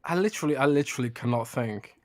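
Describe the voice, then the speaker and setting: A man co-hosting a casual gaming podcast, protesting and joking with animated exasperation. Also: mid-range voice, quick pace, dry recording, clean studio sound. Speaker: podcast co-host.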